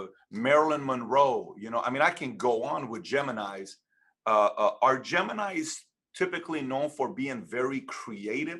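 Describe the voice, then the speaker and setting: A man hosting a casual chat show, asking questions in a halting way full of fillers. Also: mid-range voice, pushed and bright, breathy edge. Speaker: host.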